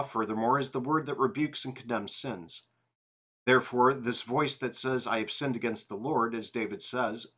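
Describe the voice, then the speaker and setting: A tired man reading a church confession aloud in an evening devotional, steady and plain. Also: mid-range voice, slightly rough. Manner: reads steadily, apologizes and laughs at slips. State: yawning, tired.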